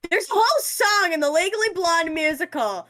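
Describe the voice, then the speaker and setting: A woman co-hosting a live stream, talking casually with loud jokes and swearing. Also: very high-pitched, expressive. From United States. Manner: loud, swearing, laughing, quick to joke.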